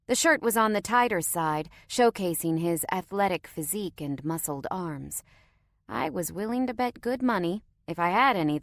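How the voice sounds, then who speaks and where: A woman's voice: fairly low pitch, no echo. A woman narrating a story in the first person with a wry, conversational tone, recorded close to the microphone.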